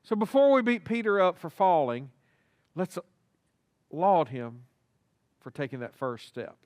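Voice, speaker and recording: A man's voice: a little high, big pitch swings, a little slow, darkish tone, dry recording, clean studio sound. A male pastor preaching a sermon in a church, talking to the congregation and acting out little dialogues. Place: church sanctuary.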